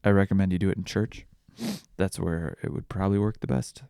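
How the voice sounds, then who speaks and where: Male podcast host, low and gravelly, dry close sound, casual rambling delivery with crude humor. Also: steady tone, brisk, mellow, no echo. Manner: rambling, self-deprecating, crude jokes. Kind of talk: casual solo podcast monologue.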